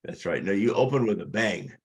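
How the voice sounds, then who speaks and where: A man who is a guest on an interview about public speaking, talking emphatically and deliberately shifting his speed and volume. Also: lowish voice, expressive, husky. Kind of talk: casual interview chat.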